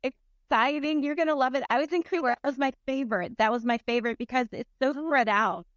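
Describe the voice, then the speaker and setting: A woman guest, a therapist, chatting casually with enthusiasm and earnest warmth. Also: sits high, fairly quick, no room sound, clean studio sound. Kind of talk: casual chat.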